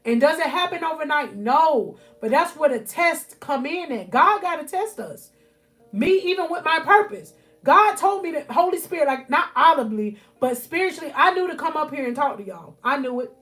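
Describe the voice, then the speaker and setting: A woman's voice: high voice, expressive, normal speed, fairly bright tone. A woman life coach giving fervent motivational preaching on a live stream from home. She repeats her phrases and keeps calling out to her listeners as y'all. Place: at home, near her bed.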